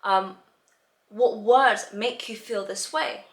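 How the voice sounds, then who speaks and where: A woman tutor with a medium-pitched voice speaks slowly to parents about getting children ready for reading exams. Her chatty explanation is full of "um" and "you know", and the recording has a roomy echo.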